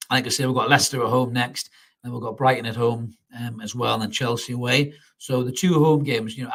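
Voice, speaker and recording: Football fan host, male, husky, casual and sweary, live reaction stream. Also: mid-range voice, fairly bright tone. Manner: casual, sweary, reads out viewer comments.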